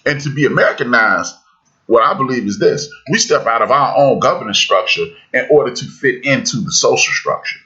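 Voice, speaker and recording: Emphatic, bright-voiced man hosting a podcast. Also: medium pitch, animated, fairly quick, muffled recording. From United States. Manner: emphatic, preacherly, building to loud peaks. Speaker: podcast host. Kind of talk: impassioned podcast discussion.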